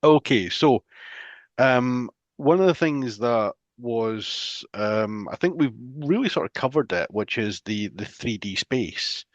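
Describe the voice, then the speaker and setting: A man's voice: medium pitch, lively intonation, takes it slowly, dry recording. A man from England hosting a casual podcast chat, rambling with frequent restarts and fillers, on dull lo-fi audio. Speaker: podcast host. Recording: dull lo-fi sound.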